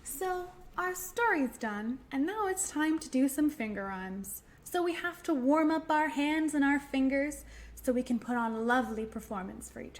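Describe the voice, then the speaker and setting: A woman hosting a library storytime for young children, talking through finger rhymes in a gentle, encouraging way. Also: high voice.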